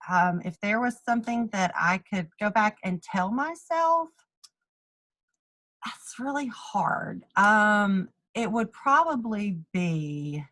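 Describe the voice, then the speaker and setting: A woman's voice: medium pitch, fairly bright tone. A woman from East Texas in a casual group chat, playful and hesitant as she thinks aloud.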